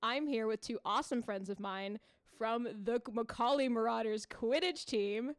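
A young woman hosting a casual podcast from her dorm room, bubbly and quick to hype her guests. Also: on the high side, clean tone, no room sound, studio quality. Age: young adult. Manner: bubbly, laughs often, quick hyped-up intros. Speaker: podcast host. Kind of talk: casual chat.

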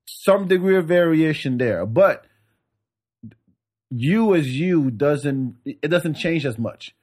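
A man's voice: on the high side, expressive, slow, a little mellow. A male podcast host chatting casually, laid-back, joking and opinionated. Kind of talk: casual chat.

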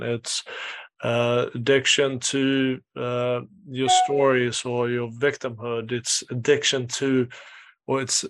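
A man's voice: mid-range voice, vocal fry, fairly bright tone, dry recording. A man hosting an interview over a video call, speaking reflectively with frequent fillers. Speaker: host. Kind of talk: casual interview chat.

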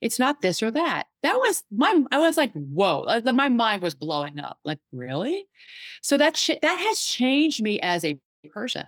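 A woman psychotherapist and life coach talking in a casual interview, animated and storytelling, acting out what others said. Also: fairly high pitch, a little slow, no echo. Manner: animated storyteller, acts out quoted voices.

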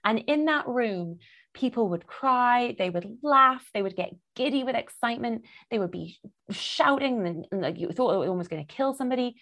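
A woman, a theater producer, in casual conversation, telling a story with lively acted-out dialogue. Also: on the high side, moderate pace. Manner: animated storyteller, acts out quoted dialogue.

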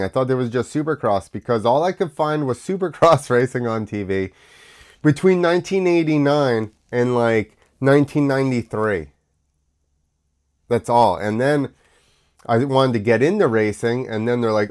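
A man's voice: mid-range voice, animated, moderate pace, a little mellow. An American man hosting his own show, rambling through casual talk with many fillers, coughing now and then while sick. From United States. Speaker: podcast host.

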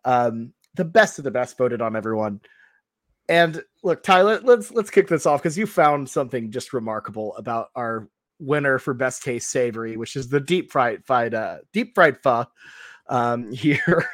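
A man's voice: mid-range voice, animated, moderate pace, no echo, clean studio sound. A young man hosting a podcast in casual chat, hedging with lots of fillers as he steers the talk. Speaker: podcast host.

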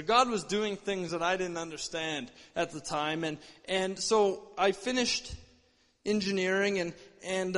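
A young man tells his story in a church with earnest, animated energy, often restarting his sentences. His voice sits high for a man. It rings out with a long hall reverb. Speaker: church speaker sharing testimony. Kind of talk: sermon testimony.

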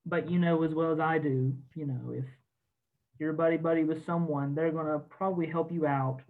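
A man with a slightly high voice speaks earnestly and at a measured pace, often pausing on "um" and correcting himself. He sounds like an army officer joining a podcast, and the audio comes through a thin, tinny, phone-like line. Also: fairly even intonation. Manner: earnest, measured, frequent ums and self-corrections. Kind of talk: casual podcast discussion.

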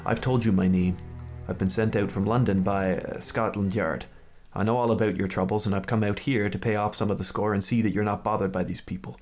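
A man reading as a calm male secret agent. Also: lowish voice, brisk, soft background music, natural voice. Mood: resigned. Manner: soft, reassuring delivery.

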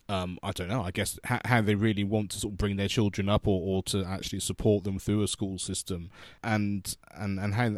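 A man's voice: on the low side, a little mellow, dry recording, studio quality. A man hosting an interview, asking long, rambling questions with many restarts and hesitations. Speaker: interview host.

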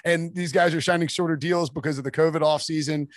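A man talking casually as a sports writer guest on a podcast, rambling with quick asides and restarts. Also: fairly high pitch, fairly even intonation, no echo, studio quality.

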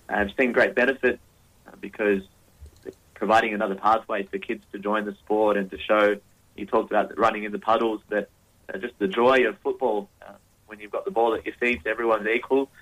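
A man's voice: on the low side, steady tone, fairly quick, a bit bright, rough recording. A man speaking as a guest on a radio show, earnest and peppered with uhs and ums. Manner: earnest, many uh and um. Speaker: football engagement lead, guest. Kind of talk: radio interview.

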